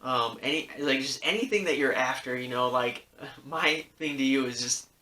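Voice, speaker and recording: A man in his thirties tells a personal story to his vlog audience in a loose, rambling way, full of fillers and restarts. He sounds earnest and encouraging, with a bright, forward voice at a middling pitch. The recording has a noticeable echo from the room. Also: moderate pace, far from the mic. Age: 30s. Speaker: sneaker YouTuber.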